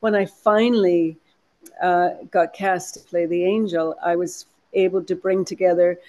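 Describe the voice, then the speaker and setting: Chatty woman with a soft Irish accent. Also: fairly low pitch, measured pace. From Ireland. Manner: animated, chatty, laughs often, frequent restarts. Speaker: actress and producer. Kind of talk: interview conversation.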